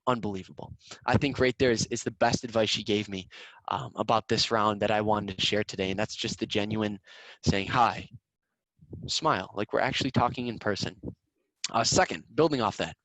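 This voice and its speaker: A man's voice: on the low side, a little fast, a bit bright, no echo, low-quality recording. Upbeat young man coaching over a video call. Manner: upbeat, repeats words while talking. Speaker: student sales competition coach. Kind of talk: casual coaching talk.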